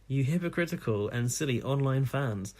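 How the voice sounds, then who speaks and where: A man's voice: medium pitch, expressive, normal speed, a little mellow, lightly acted. A man reading as a snarky male email ranter. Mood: sarcastic. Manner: mocking, sarcastic reading. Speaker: podcast co-host.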